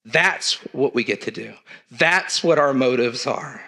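A man's voice: mid-range voice, measured pace, creaky, pushed and bright. A middle-aged man, preaching in an earnest, conversational way to his church. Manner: earnest, conversational preaching with southern turns of phrase. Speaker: church leader. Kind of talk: sermon.

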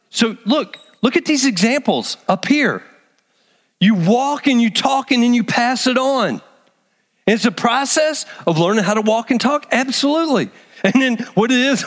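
A man preaching a sermon to a large church congregation, animated and conversational, calling people up to the stage. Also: sits high, long reverb tail. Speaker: pastor.

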